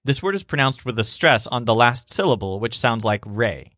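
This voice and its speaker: Calm man narrating a language lesson. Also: mid-range voice, normal speed, no room sound, studio quality. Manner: calm, clear, pronounces Spanish words carefully. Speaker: language teacher. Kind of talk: scripted storytelling narration.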